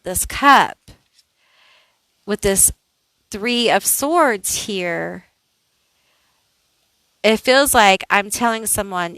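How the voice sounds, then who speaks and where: Lady reading tarot cards slow and chatty, dry close sound. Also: mid-range voice, lively intonation, a bit bright, dry recording, low-quality recording. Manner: slow, thinking aloud, chatty with many "like"s. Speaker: tarot reader. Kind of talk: casual pick-a-card tarot reading.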